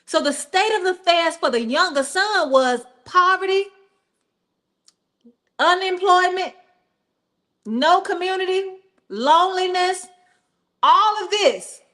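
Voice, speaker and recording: Woman preacher, high-pitched, chatty and animated delivery with frequent asides. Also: takes it slowly, pauses often. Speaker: pastor. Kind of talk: sermon.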